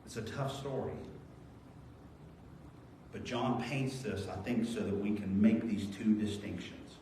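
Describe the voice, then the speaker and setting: A male pastor preaching a sermon, earnest and storytelling, moving between raised emphasis and quiet reflection. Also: fairly low pitch, unhurried, noisy background. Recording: very echoey church hall, voice from far off.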